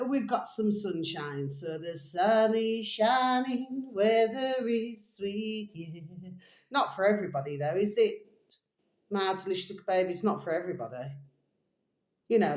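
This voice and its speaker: Woman, casual vlog, rambling and affectionate, slightly low voice, echoey room. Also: a little mellow. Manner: chatty, affectionate, meandering, repeats pet phrases. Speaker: vlogger.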